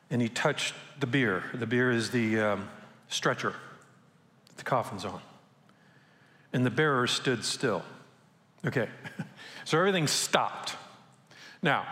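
Animated pastor preaching in an echoey hall. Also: male voice, medium pitch. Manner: animated storytelling, asks the audience rhetorical questions. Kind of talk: sermon. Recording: echoey hall with long reverb.

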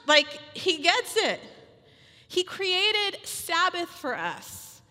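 A woman in her thirties giving a chatty, animated sermon full of personal stories, acting out little quotes. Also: extremely high pitch, drawn-out words. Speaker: speaker at a women's church gathering. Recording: long hall reverb.

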